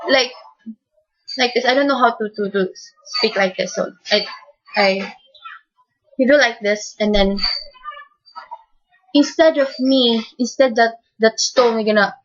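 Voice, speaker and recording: A woman giving an emotional faith testimony in a soft, tearful voice, halting and repeating her words. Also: on the high side. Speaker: speaker giving a personal testimony. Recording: dull lo-fi recording.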